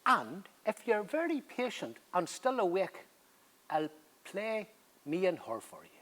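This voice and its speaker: An older man, telling stories and reciting verse in a playful, lively way. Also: high-pitched, unhurried. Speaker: poet. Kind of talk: theatre dialogue and poem recital.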